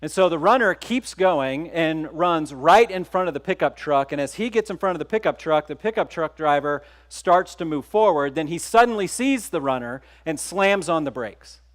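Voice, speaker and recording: A middle-aged man from Texas speaks from a conference stage, telling a story to the audience. His voice sits a little high for a man, and he keeps it conversational, turning questions back to the listeners. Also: lively intonation, moderate pace, hardly any pauses. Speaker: keynote speaker.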